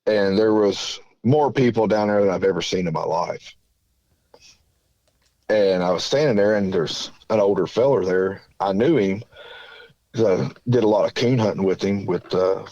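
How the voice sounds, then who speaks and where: Folksy rambling man, low voice. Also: unhurried, darkish tone, no room sound, muffled recording. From southern Indiana. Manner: rambling, folksy, many fillers. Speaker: caller. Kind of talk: casual storytelling.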